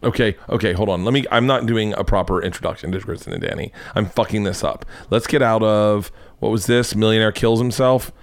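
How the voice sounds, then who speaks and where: With a lowish voice and fairly even intonation, a man runs a comedy podcast, talking a little fast with few pauses and no room sound. He swears, laughs and rambles while commenting on videos he's watching.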